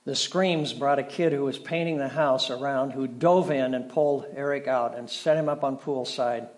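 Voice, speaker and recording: A middle-aged male pastor preaching a sermon, telling stories with dramatic shifts between loud and soft. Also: mid-range voice, fairly even intonation, normal speed. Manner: storytelling, dramatic shifts in volume.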